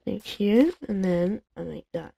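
This gameplay video creator chats to herself in a loose, rambling way while gaming at home, leaning on plenty of fillers. She has a warm, medium-pitched voice with vocal fry and an unhurried delivery. Her home is on a busy street, so traffic noise and passing trucks can be heard.

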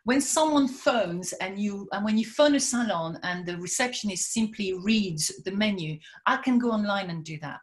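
A woman's voice: mid-range voice, expressive, moderate pace, few pauses. A woman presenting a webinar as a spa and salon business coach, talking energetically and repeating words for emphasis.

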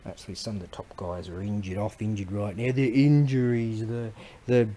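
A man with an Australian accent, rambling casually and excitedly as he shows off items he sells. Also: on the low side, moderate pace, rough recording. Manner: rambling, excitable, slangy, with frequent restarts. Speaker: online seller showing items. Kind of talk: casual rambling show-and-tell.

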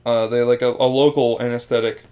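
A man's voice: mid-range voice, steady tone, a little fast, a little mellow. A man hosting a podcast in casual chat, rambling through explanations with restarts and swearing. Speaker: podcast host.

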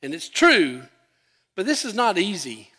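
A man preaching a sermon as pastor, animated, acting out scripture quotes with an emphatic voice. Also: high-pitched, a little slow, husky, in a large hall.

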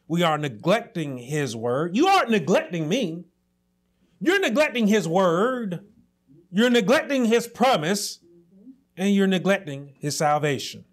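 A man pastor delivering a sermon, preaching emphatically with repeated phrases and rising to shouts. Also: fairly high pitch.

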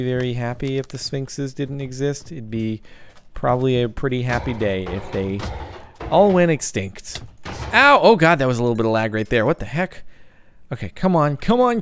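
A young man giving jokey, excitable let's-play commentary, breaking into yelps and sing-song chants. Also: medium pitch, slight background noise. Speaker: gaming YouTuber.

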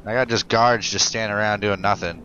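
A young man hosting a gaming channel, giving casual commentary while he plays and cursing back at the characters in an excitable way. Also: lowish voice, fairly quick, muffled recording, a little hiss or hum. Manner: excitable, profane, talks back to the game characters.

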